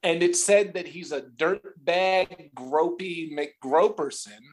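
A man's voice: a little high, takes it slowly. A man hosting a political podcast, talking casually and sarcastically, often mimicking others in exaggerated voices. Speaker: podcast host.

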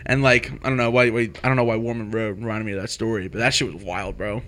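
A young man telling a story in casual chat, animated and full of swearing. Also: on the low side, fast.

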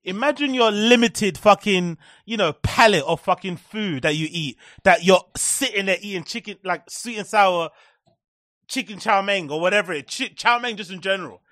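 A young man hosts a live stream, delivering profane, sarcastic rants full of swearing and repetition. His voice sits high with a fairly bright tone at a normal speed, captured in a dry, clean studio recording.

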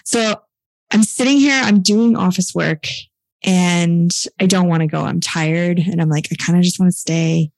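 A young woman talks through a story in a loose, chatty way, dropping "like" constantly and laughing often. Her voice sits a little low for a woman. The sound is close and dry, with no room in it. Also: moderate pace, vocal fry, darkish tone, no echo, rough recording. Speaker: filmmaker and producer. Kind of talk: casual storytelling chat.

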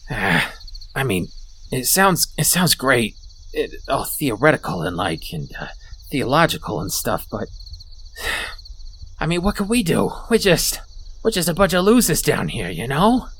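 A man's voice: medium pitch, very animated, measured pace, vocal fry, a bit bright, slight background noise, full character voice. A man voicing a weary, downtrodden male kobold leader in a tabletop game, rambling and hesitant.

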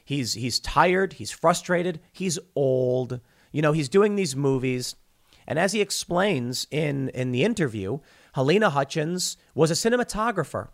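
Animated male commentator with lively pitch. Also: a little slow. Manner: animated, stumbling restarts, mocking put-on quotes. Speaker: political commentary host. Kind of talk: opinionated solo commentary.

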